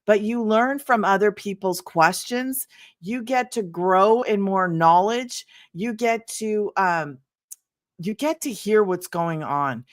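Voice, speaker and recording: Older lady doing a casual livestream, super chatty and excited, says hi to everyone. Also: medium pitch, slow pace. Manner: chatty and excitable, greets viewers by name, laughs often. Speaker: livestream host selling online business programs. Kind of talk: casual livestream chat with viewers.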